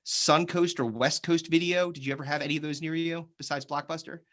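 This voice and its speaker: A man guesting on a podcast talks in a loose, animated way, full of restarts and casual swearing. His voice sits a bit high and sounds bright and forceful. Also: a little fast. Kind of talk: casual chat.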